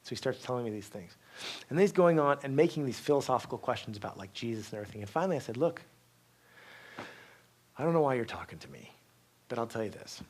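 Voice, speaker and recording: A man giving a university talk, telling stories lively with frequent asides, restarts and "okay?" check-ins to the audience. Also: mid-range voice, quick pace. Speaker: guest speaker. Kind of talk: university lecture.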